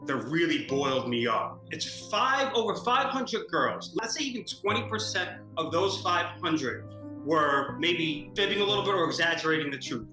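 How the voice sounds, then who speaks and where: A man's voice: on the high side, big pitch swings, moderate pace, sharp tone. A man giving a documentary interview, talking indignantly and animatedly with lots of fillers. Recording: echoey room with music underneath.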